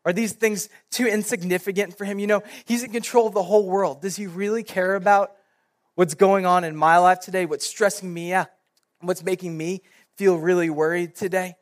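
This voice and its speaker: A young man, a youth pastor, giving a sermon and telling a personal story in a casual, animated way. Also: high-pitched, normal speed.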